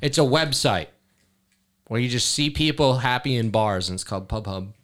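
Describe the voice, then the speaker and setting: A man hosts a loose, profane podcast chat, tossing out jokes and half-serious business ideas. His pitch sits in the middle but moves a lot. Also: expressive, moderate pace, fairly bright tone. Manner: profane, joking, riffs on ideas. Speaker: podcast host.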